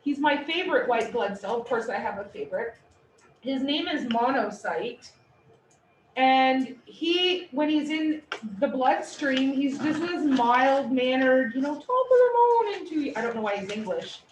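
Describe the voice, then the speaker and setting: A woman instructor giving a lively, playful classroom lecture. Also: sits high, normal speed. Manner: animated, playful explanations. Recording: echoey room, distant mic, faint noise.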